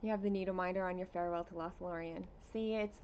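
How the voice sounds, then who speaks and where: A woman hosting a casual cross-stitch livestream at home, chatting with viewers and reading out their comments in an unhurried way with plenty of fillers. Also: on the low side, steady tone, dull audio, slight background noise.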